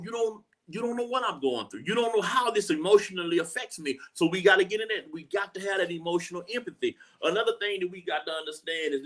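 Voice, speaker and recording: A live talk-show host with a slightly high, somewhat bright voice speaks in an earnest way. Repetition is his tool for emphasis, he acts out quoted speech, and he frequently checks in with "you know what I'm saying."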